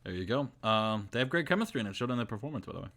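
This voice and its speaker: A man's voice: medium pitch, lively intonation, rapid-fire, fairly bright tone. A man co-hosting a podcast, giving dry, laid-back reactions in casual chat. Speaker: podcast co-host.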